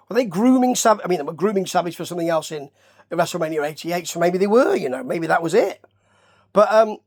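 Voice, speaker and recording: A man's voice: sits high, breathy edge. Chatty Nottingham man rambling through reviews. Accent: Nottingham English. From Nottingham, England. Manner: rambling and chatty, with asides and questions to the listener. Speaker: wrestling reviewer. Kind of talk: casual rambling review commentary.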